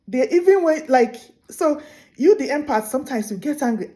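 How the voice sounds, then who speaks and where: A woman hosting a show, telling a folk tale in an animated, casual way with many restarts. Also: high voice, moderate pace. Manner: animated, full of restarts and laughs. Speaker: host. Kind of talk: casual storytelling to camera.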